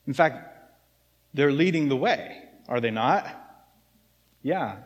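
A man preaching a sermon to his congregation in a relaxed, conversational way, often checking in with "right?". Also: mid-range voice, takes it slowly, muffled recording. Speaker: pastor. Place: church sanctuary. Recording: long hall reverb.

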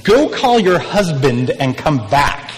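A patient, wry male teacher, as a preacher voices him, speaking calmly and plainly in a fairly high man's voice. His words ring out with a long reverb in a big hall. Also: takes it slowly, slight background noise.

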